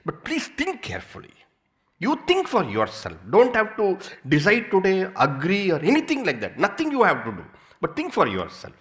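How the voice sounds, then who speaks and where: A man with an Indian English accent giving a spiritual discourse, telling everyday stories with playful repetition. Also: on the high side. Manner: animated storytelling with playful repetition. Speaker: swami, spiritual teacher.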